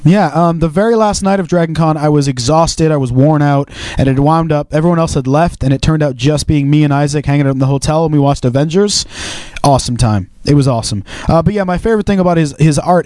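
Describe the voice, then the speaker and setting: A young man chats casually and with enthusiasm, his voice a touch higher than most men's. The recording is dry, with no room sound around him. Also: mellow, no echo. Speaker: podcast co-host. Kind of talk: casual chat.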